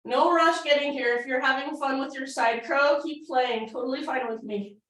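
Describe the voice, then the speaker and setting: A woman's voice: high voice, moderate pace, fairly bright tone, slight background noise. A woman teaching a yoga class, giving casual, encouraging cues while she demonstrates poses, a little out of breath. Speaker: yoga instructor. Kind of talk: guided yoga class instruction. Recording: echoey room, mic at a distance.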